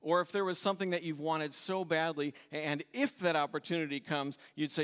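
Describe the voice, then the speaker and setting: A pastor giving a conversational sermon, retelling a story and acting out its voices with a light laugh. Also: male voice, fairly high pitch, steady tone, brisk, hardly any pauses, a bit bright, smooth, in a large hall.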